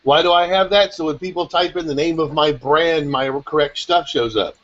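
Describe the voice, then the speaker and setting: A man in a casual group video chat, explaining things in rapid, excitable rambles. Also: fairly high pitch. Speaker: SEO chat panelist. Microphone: video call. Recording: dull lo-fi call audio.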